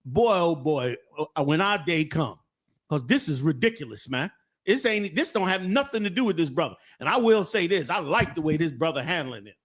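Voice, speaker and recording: A man with a slightly high voice reacts to a clip on a live stream. He sounds indignant and hits his words hard. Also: big pitch swings, normal speed. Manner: indignant, emphatic. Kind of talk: reacting to a viral video on a stream.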